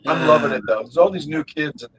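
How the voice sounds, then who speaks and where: A man co-hosting a casual podcast hangout, rambling and animated with lots of fillers. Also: a little high, fast, slightly rough, poor audio. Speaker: podcast co-host. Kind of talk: casual chat.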